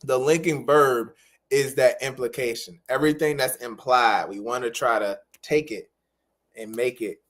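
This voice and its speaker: A man with a mid-range voice coaches interpreters during a live-stream feedback lesson. He explains patiently and encouragingly, repeating his key phrases.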